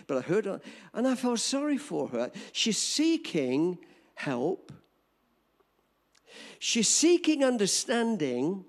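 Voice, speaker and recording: Speaking directly to a live audience, an older man with a high voice preaches an animated, emphatic sermon built around storytelling.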